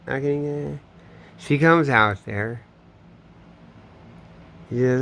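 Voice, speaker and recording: A man's voice: mid-range voice, a little slow, creaky, pauses often, a bit bright, slight background noise. A man telling a long, meandering personal story, swearing often and trailing off mid-sentence. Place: home in Florida.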